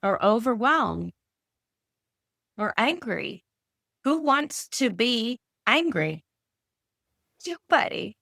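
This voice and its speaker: A woman's voice: fairly high pitch, sing-song, slow, vocal fry, pauses often, sharp tone, no room sound, clean studio sound. A woman who is a mindset coach, talking in an earnest, chatty, rambling way as a podcast guest. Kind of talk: casual conversation.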